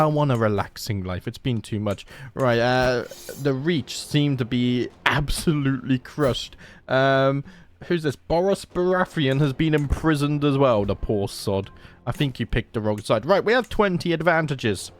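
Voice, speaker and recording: A young man giving chatty, wry gameplay commentary as the host of a gaming channel, thinking out loud as he plays. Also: mid-range voice, a little hiss or hum. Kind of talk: casual Let's Play commentary.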